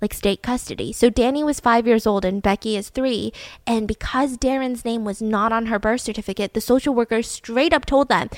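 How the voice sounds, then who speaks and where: A woman's voice: fairly high pitch, expressive, fairly quick, fairly bright tone, no echo. A woman hosting a podcast, telling a true-crime story in a chatty, casual way and acting out quotes. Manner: chatty, acts out quotes, lots of "like". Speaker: podcast host.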